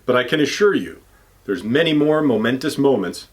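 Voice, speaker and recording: A man's voice: mid-range voice, expressive, moderate pace, lightly acted. Grave true-crime narrator, voiced by a man: solemn, dramatic, mid-range voice. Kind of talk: mock documentary narration.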